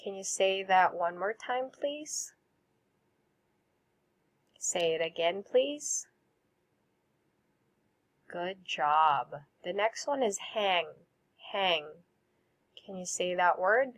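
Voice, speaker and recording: Slow, clear woman teacher drilling vocabulary. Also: medium pitch, expressive. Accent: Filipino English. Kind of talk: recorded vocabulary lesson.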